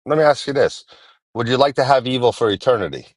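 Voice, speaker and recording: A man in his forties calling in to a live-stream debate, talking in halting restarts and repeating himself. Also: mid-range voice, expressive, no echo. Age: 40s. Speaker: guest caller.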